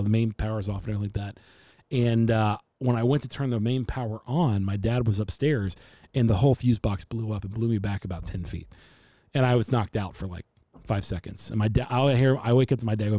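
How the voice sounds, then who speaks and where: A man on a podcast, casually telling animated stories and acting out his father's voice. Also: medium pitch, fast, dry recording. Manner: animated storyteller who acts out his dad's voice. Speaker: podcast host. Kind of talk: casual storytelling chat.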